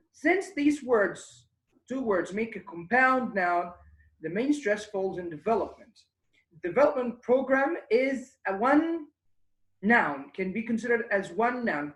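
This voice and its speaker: A male English instructor talks through a beginners' conversation lesson. He pauses on fillers and restarts his sentences, then leans hard on each example phrase. The room gives his voice a noticeable echo. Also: high-pitched. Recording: echoey room.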